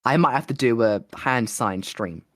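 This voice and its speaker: A man co-hosting a podcast, hoarse and losing his voice, chatting casually and rambling with plenty of "like". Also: mid-range voice, animated, normal speed, no room sound, studio quality. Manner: rambling, lots of "like" and restarts. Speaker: podcast co-host and streamer. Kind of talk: casual chat.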